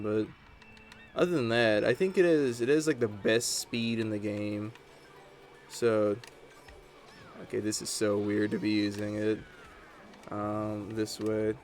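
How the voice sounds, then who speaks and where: Low, flat-voiced man rambling over gameplay. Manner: rambling, chatty storytelling while playing. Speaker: gaming channel host. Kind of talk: casual gameplay commentary.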